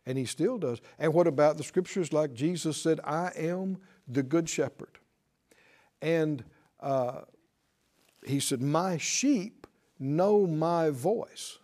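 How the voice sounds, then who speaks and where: A man preaching a sermon, slow and emphatic, hitting certain words loudly and chuckling now and then. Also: a little high. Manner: slow, emphatic preaching with sudden loud stresses.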